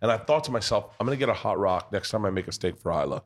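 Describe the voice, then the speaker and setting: A man's voice: on the low side, animated, rapid-fire. Rowdy, swearing storyteller man. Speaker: podcast host. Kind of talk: casual chat. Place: pub.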